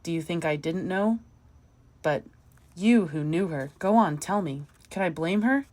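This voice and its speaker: A woman's voice: lowish voice, a little slow, a little mellow, close to an everyday voice. A woman reading the part of a feverish, grieving widower who broods and sinks to a near whisper. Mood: brooding. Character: feverish grieving middle-aged man, obsessive widower.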